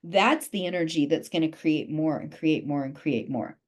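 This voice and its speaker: A woman's voice: low-pitched, moderate pace. Woman life coach, emphatic, repeats key phrases, video-call audio. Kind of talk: motivational talk on a group call.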